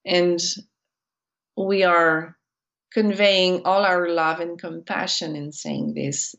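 A woman channeling a collective of spirit entities, speaking as "we" in slow, deliberate, repeated phrases. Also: fairly low pitch, gravelly, fairly bright tone, highs cut off.

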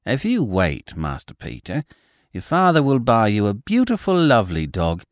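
A man voicing a disapproving nurse scolding a small boy, in slow, drawn-out words. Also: fairly low pitch, wildly swooping pitch, no room sound, clean studio sound. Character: fussy disapproving woman nurse.

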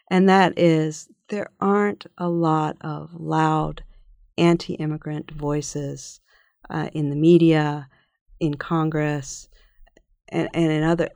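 A woman as a policy researcher guest in a podcast interview, answering in a measured, thoughtful way with frequent fillers and restarts. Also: low-pitched, creaky, a little mellow, dry recording, clean studio sound.

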